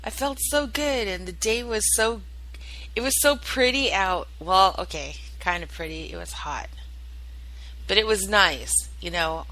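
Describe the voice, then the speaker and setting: A woman hosts her own internet radio show, talking loosely and chattily with plenty of fillers and an offhand curse now and then. Her voice is bright and sharp, and her pitch sits at an ordinary level. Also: unhurried, poor audio. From United States. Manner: rambling and chatty, with many fillers and swearing. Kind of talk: casual solo chat, answering listener chat.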